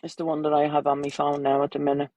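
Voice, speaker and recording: A woman's voice: deep voice, monotone, quick pace, mellow, no room sound, dull audio. An Irish woman with children, chatting bluntly and crudely on a casual livestream, rambling from topic to topic. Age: adult, with children.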